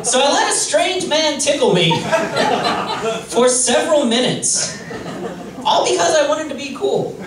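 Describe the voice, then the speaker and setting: A man doing a stand-up comedy set on a club stage, deadpan and self-deprecating, hesitant with many fillers. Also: very high-pitched, measured pace, pauses often, over a noisy crowd. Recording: roomy distant club recording with noise.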